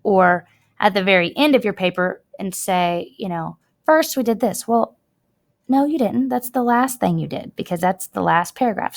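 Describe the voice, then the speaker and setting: A woman's voice: fairly low pitch, vocal fry. Chatty woman teaching a writing lesson. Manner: chatty, emphatic, drawn-out words when demonstrating. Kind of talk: classroom writing lesson over screen recording. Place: at a computer, recording her screen.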